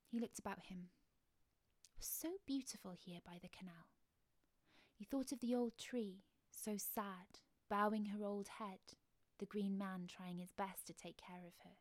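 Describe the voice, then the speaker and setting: A woman telling a story to the listener during an outdoor walk, gentle and often dropping to a whisper. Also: medium pitch, normal speed, gravelly, no room sound. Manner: gentle, hushed, speaks to the listener. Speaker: storyteller and guide.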